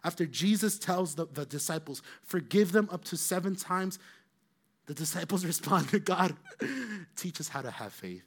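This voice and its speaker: A man preaching a sermon, telling the story with lively acted-out voices and swinging between loud and soft. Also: fairly high pitch, normal speed, husky. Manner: animated storytelling, acting out quoted voices, rising loud then dropping soft.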